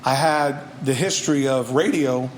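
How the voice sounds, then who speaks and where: Profane, energetic storytelling man. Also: mid-range voice, moderate pace, a little hiss or hum. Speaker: guest rapper. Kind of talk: storytelling podcast interview.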